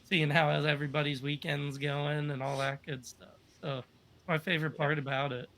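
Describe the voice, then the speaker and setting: Guest storyteller: man, bright-toned and slightly high, loose and rambling with fillers. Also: flat delivery, moderate pace. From United States. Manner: rambling, upbeat, many fillers. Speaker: podcast guest. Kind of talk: casual storytelling.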